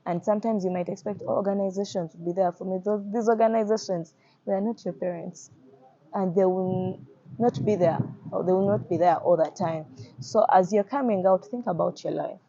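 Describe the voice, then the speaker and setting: A young Ugandan woman tells her own story in an earnest, direct way, circling back over her words. Her voice is warm and mellow at an ordinary pitch. The recording is a little dull and muffled. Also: fairly quick. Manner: earnest, repeats phrases, acts out quoted voices. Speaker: activist. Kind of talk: personal testimony interview. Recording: slightly muffled audio.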